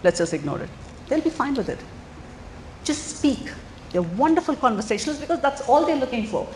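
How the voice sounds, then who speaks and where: A middle-aged woman speaks to a room of parents in an earnest, animated way, often turning questions back on her listeners. Her voice sits a little higher than most women's. The room is echoey, with a faint hum of background noise. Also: a little fast. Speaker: parenting speaker at a school coffee morning. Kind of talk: lively talk to a room of parents. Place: school hall or meeting room.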